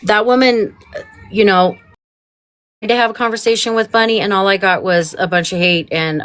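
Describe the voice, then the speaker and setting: A woman's voice: mid-range voice, fairly even intonation, moderate pace, a bit bright, clean tone. A woman hosting a livestream, in a heated, profane and rambling rant. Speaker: livestream host.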